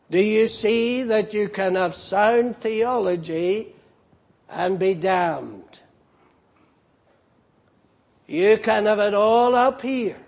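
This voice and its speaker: High-pitched guy preaching slow, hammering his points with repeats. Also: gravelly. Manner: emphatic, repeats key phrases for weight. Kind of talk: sermon.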